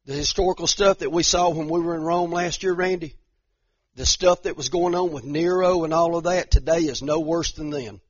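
A man's voice: a little high, breathy edge, no room sound. Fervent middle-aged male pastor, dull lo-fi. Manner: fervent, repeats himself, builds to emphatic rises. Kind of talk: impassioned conversational preaching. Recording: dull lo-fi dry sound.

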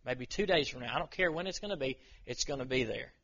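Gravelly earnest man preaching. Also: mid-range voice, sharp tone, dull audio. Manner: earnest, reads scripture slowly then talks plainly. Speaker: preacher to a men's group. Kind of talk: informal sermon.

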